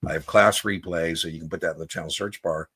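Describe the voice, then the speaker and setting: A man's voice: deep voice, fairly even intonation, fast, sharp tone, husky. A man giving a casual exam-prep lesson, explaining with anecdotes and acted-out dialogue. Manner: conversational, storytelling, acts out quoted dialogue.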